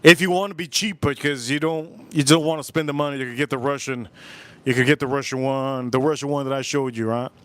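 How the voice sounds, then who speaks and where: A man's voice: medium pitch, fairly even intonation, fairly quick, clear, resonant tone. A man hosting a live cooking stream, chatting casually, rambling and repeating himself as he talks to his viewers.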